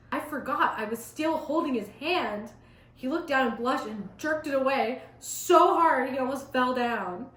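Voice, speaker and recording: A woman's voice: a little high, fairly bright tone. A teenage girl reading her old fan story aloud, breaking off for sarcastic, chatty asides. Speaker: vlogger. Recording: roomy echo.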